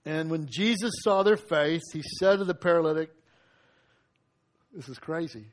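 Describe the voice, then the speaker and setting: High-voiced male preacher telling a story. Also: moderate pace, pauses often. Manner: lively storytelling, acting out scenes and quotes. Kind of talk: sermon.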